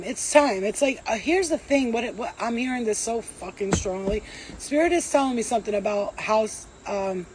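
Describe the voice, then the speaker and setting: A woman's voice: fairly high pitch, darkish tone, a little hiss or hum. A woman on a casual livestream, talking bluntly with lots of swearing and street slang as a spiritual reader.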